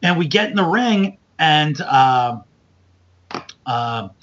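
A man hosting a podcast, telling wrestling road stories in a loose, animated way and acting out other people's lines. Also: takes it slowly, a little hiss or hum. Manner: animated, loose storyteller, acts out quotes with big jumps up in pitch. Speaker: podcast host. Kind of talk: casual storytelling chat. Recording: dull lo-fi podcast audio.

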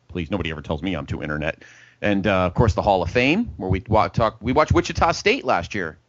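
A man hosts a sports talk show, chatting casually and rambling from topic to topic. His voice sits low but swings a lot in pitch. The recording is dry and a bit dull, lo-fi. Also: quick pace, no echo. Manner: rambling, lively, joking. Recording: dull, lo-fi podcast audio.

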